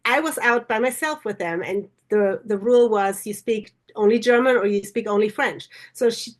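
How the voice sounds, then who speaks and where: A woman's voice: mid-range voice, normal speed. A woman co-hosting a parenting podcast, chatting casually and telling family anecdotes with easy laughs. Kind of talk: casual conversation.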